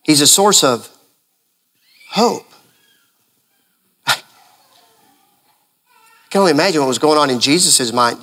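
A male pastor preaching a sermon in an animated way, full of rhetorical questions. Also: on the high side, slow pace, pauses often.

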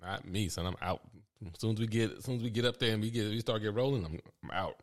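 A man's voice: fairly low pitch, quick pace, crowd noise. A man in casual chat, laid-back and slangy, who laughs often.

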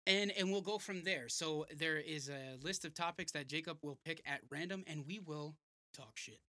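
A man's voice: fairly high pitch, moderate pace, sharp tone, dry recording. A man in his thirties hosting a casual podcast, joking, laughing and swearing freely. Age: 30s. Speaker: podcast host.

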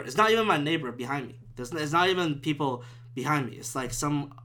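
A man's voice: a little high, animated, a little fast, sharp tone. A man, a former stand-up comic, ranting alone on his podcast at home in a profane, rambling, exasperated way. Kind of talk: solo podcast rant. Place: room at home with the window open.

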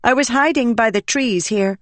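A woman's voice: fairly high pitch, normal speed, no room sound, pitched above the performer's own voice, close to an everyday voice. A woman voicing a small, wistful female spirit in a light, airy voice, in an audiobook. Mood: alert.

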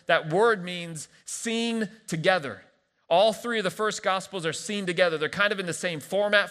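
A man preaches to his congregation, reading scripture and dropping in wry jokes between points. His voice sits a little high and comes across bright and forceful. The room behind him rings with a long hall reverb. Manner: playful, joking asides between scripture reading. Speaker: pastor. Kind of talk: sermon. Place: large church hall.

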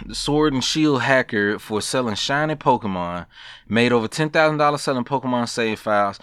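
A man hosting a solo podcast, talking in a blunt, profane, animated way and laughing between rants. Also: mid-range voice, no room sound, clean studio sound. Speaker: podcast host. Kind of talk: casual solo podcast rant.

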